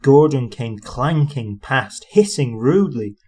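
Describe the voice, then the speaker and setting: A man narrating a children's storybook aloud. His telling is expressive and animated, with a lively, moving pitch at a mid register. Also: measured pace.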